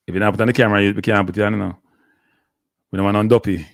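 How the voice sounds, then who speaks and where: A man with a Jamaican accent hosting a casual live stream, teasing and animated, often repeating himself. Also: on the low side, racing, vocal fry, dry recording, studio quality. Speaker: show host.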